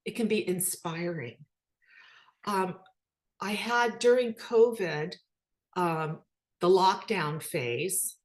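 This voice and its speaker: Lady telling a story at a talk, kinda low voice, lots of ums, acts out the quotes. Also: slow, pauses often. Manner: animated storyteller acting out quoted dialogue, many ums and uhs. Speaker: speaker.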